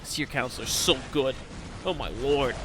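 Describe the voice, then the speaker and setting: A young man giving casual, rambling commentary on a strategy game, often breaking into excited exclamations. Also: mid-range voice, a little slow, noisy background. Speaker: game caster.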